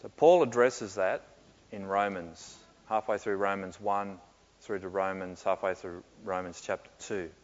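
A man answering questions in a sermon, reflective and often pausing with fillers and soft laughs. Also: low voice, fairly even intonation. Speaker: pastor. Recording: muffled with long hall reverb.

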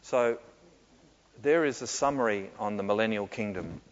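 A man answering questions in a sermon, reflective and often pausing with fillers and soft laughs. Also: fairly low pitch. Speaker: pastor. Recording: muffled with long hall reverb.

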